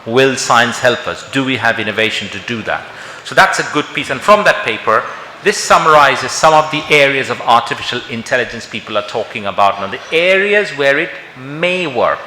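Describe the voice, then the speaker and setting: A middle-aged male doctor from India gives a conversational conference lecture, firing rhetorical questions at the room. His voice is bright and forceful, and it rings through a large hall with a long reverb. A faint hum of ambience sits underneath. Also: medium pitch, fairly quick.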